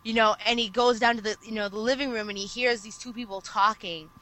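Bright-voiced woman retelling a story. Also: on the high side, fast, poor audio. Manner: animated storytelling, recounting anime plot at length. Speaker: podcast co-host. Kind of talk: casual chat.

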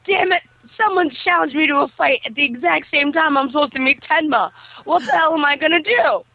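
A woman's voice: high voice, expressive, moderate pace, dry recording. A woman voicing a hot-headed, lovesick teenage delinquent boy who exclaims and curses dramatically, over a tinny line. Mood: frantic. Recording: tinny phone-like dry sound.

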